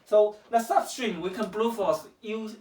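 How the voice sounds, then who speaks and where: A woman's voice: mid-range voice, a little slow, darkish tone. A woman teaching programming to a child at home, patient and questioning, checking often that she is understood. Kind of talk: casual home coding lesson. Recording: echoey room, far from the mic.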